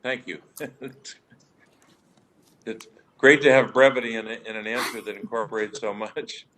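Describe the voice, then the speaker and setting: A man, a senator joining a hearing remotely, making measured formal remarks and questions with small restarts. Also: medium pitch, steady tone, fairly bright tone, a little hiss or hum, rough recording. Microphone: joining remotely over the web.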